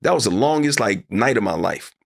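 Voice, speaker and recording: A middle-aged man with a low, gravelly voice tells a story from his career as an interview guest. He acts out each exchange, and his voice shoots up when he replays his disbelief. His delivery is conversational and lively. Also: fairly quick. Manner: acts out his own past dialogue, voice climbing high when upset. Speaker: interview guest, sports broadcaster.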